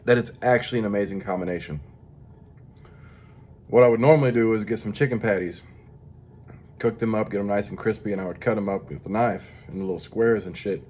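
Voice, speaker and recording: A man's voice: on the low side, fairly quick, long pauses, darkish tone. A tired man rambling through a crude, profane casual monologue as a vlogger. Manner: profane, rambling, mock-tough.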